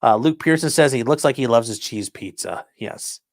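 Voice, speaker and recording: A man's voice: mid-range voice, animated, moderate pace, dry recording. A man hosting a casual crime livestream, sarcastic and profane, mocking his subjects and reading out chat comments. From rural area. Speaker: livestream host.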